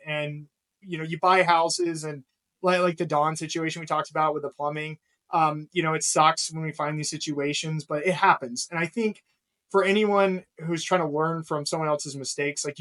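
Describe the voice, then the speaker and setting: A man's voice: fairly high pitch, sharp tone. A man talking as a podcast guest, rambling with lots of fillers and frequent laughter. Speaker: guest, real estate investor. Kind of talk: casual podcast interview.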